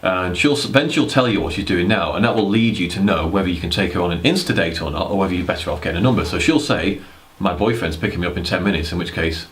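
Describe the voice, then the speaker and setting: A man's voice: deep voice, animated, fast, hardly any pauses, a little hiss or hum. A young man giving casual dating advice to camera, rambling and blunt, with casual swearing. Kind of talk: casual talking-head advice.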